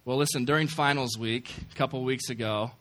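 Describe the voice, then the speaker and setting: After an opening prayer, a campus ministry speaker delivers a casual sermon to a campus group, joking and tossing in self-deprecating asides. His voice is medium-pitched, steady in tone, fairly quick and fairly bright.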